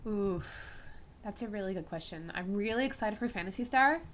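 A woman's voice: mid-range voice, animated, a little hiss or hum. Earnest opinionated woman podcaster. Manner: earnest, opinionated, quick to laugh. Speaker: podcast co-host. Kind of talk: casual chat.

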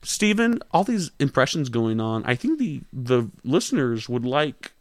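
A young man hosting a crude comedy podcast, talking deadpan and mock-serious into a close mic. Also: mid-range voice, normal speed. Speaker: podcast host.

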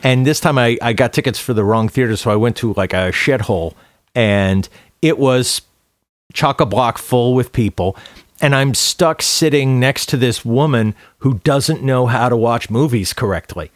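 A man co-hosting a podcast in casual chat, telling stories with an animated delivery and mocking high voices when he quotes people. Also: moderate pace, dry recording, clean studio sound. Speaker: podcast co-host.

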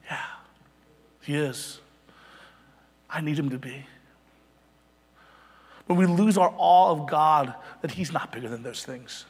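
A man in his thirties preaches with fervent conviction, rising to emphatic peaks and dropping to hushed near-whispers. His voice sits fairly high and carries a slightly husky edge. The long reverb of a church sanctuary trails after every phrase. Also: slow pace, long pauses. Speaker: pastor. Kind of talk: sermon.

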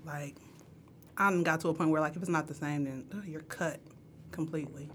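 A woman's voice: low voice, steady tone, fairly quick, slight background noise. A woman speaking on a podcast, bluntly and firmly giving her views in casual chat. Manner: blunt and firm.

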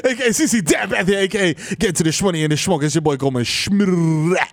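A man hosting a comedy podcast, riffing rapid-fire with hype-man bravado and profane slang, swinging from booming to mumbling. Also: dry recording. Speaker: podcast host. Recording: faint music behind.

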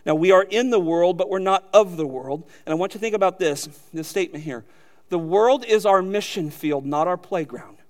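A man preaching a sermon as a pastor, emphatic, addressing listeners directly with rhetorical questions and building to loud peaks. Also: high voice, moderate pace.

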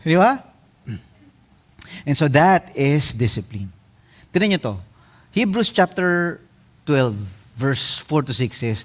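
A middle-aged Filipino-accented man preaching with a fairly high, lively voice. He moves between Tagalog and English as he talks and plays out little scenes with sound effects and voices. He delivers it all in an energetic sermon style. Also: a little slow, long pauses. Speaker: pastor.

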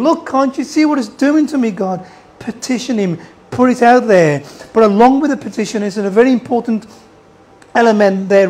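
An animated preacher delivers a sermon, firing question after question at the congregation. The voice sits at a middle pitch and keeps circling back over its own phrases. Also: poor audio. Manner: animated, asks the listeners questions; repeats and restarts phrases.

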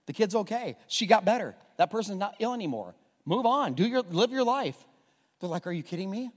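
A male pastor preaching a sermon, swinging from hushed asides to loud, repeated calls. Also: sits high, expressive, moderate pace. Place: church sanctuary. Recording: long reverb of a church hall.

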